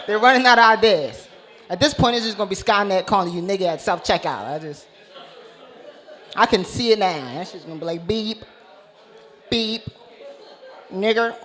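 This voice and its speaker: A man's voice: high voice, fairly bright tone. A man doing a brash, profane stand-up comedy set on a club stage, speaking into a handheld mic. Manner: brash, profane, punchline-driven delivery.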